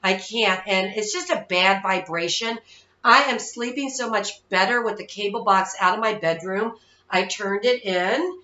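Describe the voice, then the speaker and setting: Woman psychic host, thirties, chatty and rambling, bright tone, dull lo-fi sound. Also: medium pitch, unhurried. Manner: chatty, rambling, keeps asking "okay?". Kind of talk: casual monologue to viewers. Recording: echoey room, dull lo-fi sound.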